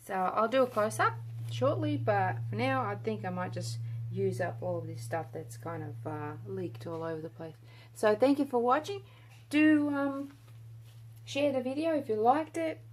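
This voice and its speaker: Aussie woman mumbling along while she pours resin, chatty and trailing off, quiet indoor room with faint hiss. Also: on the high side, normal speed. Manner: chatty, murmured running commentary, often trailing off. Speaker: resin artist. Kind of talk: casual narration while working. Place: indoor home art studio with a window.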